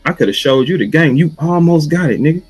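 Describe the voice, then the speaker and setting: A man's voice: on the high side, fast, breathy edge, soft background music, rough recording. Taunting, profane man from St. Louis. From St. Louis, USA. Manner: profane, taunting, mimics a flat chant. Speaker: battle rapper. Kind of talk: heated mocking rant.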